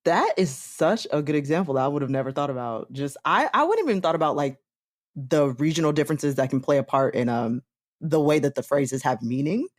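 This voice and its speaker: A woman's voice: low-pitched, brisk, no room sound, clean studio sound. A woman hosting a podcast, chatting casually and laughing often as she tells stories. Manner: animated, laughs often while telling stories. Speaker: podcast host. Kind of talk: casual chat.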